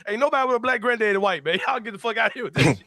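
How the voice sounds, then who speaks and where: A man hosting a casual sports-show chat, a loud, laughing storyteller who swears freely. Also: high voice, animated, rapid-fire, no room sound, studio quality. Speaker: podcast host.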